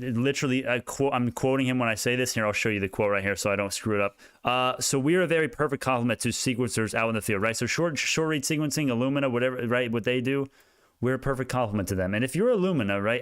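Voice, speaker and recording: A young man in college, a stock market YouTuber giving casual, rambling chart commentary, excitable and prone to tangents. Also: mid-range voice, clear, resonant tone, no room sound, clean studio sound. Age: young adult.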